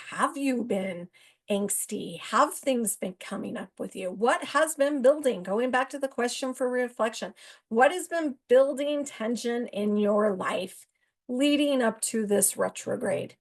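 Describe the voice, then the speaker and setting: A woman hosting an astrology talk show, chatting casually to her viewers in a rambling, self-interrupting way, rushing some phrases and drawing others out. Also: a little high, expressive. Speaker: astrology podcast host.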